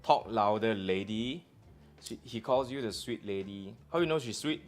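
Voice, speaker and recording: A Malaysian man in his thirties with a Malaysian English accent, hosting a loose live-stream chat. He jokes and teases, sprinkles his talk with "lah", and jumps into loud bursts. Faint music plays in the background. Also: medium pitch, expressive, fairly quick. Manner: joking and teasing, loud bursts, slang particles like "lah". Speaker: show host.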